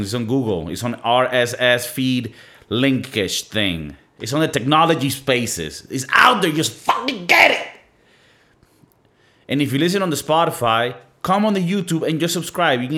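Young male podcast host, loose profane solo rant, animated delivery. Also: medium pitch, brisk. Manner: animated, profane, rambling with playful mock-singing.

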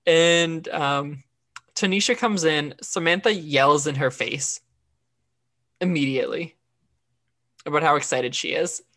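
Recapping an episode with her podcast co-host, this woman chats casually, often using fillers and starting sentences over. Her low voice is a touch bright, and she speaks at a measured pace with long pauses.

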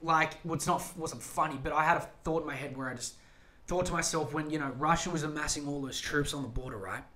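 A man's voice: fairly high pitch, fast talker, bright, forceful tone. A man hosting a podcast alone, ranting in a profane, rambling, emphatic way. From Australia. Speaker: podcast host. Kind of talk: solo podcast rant.

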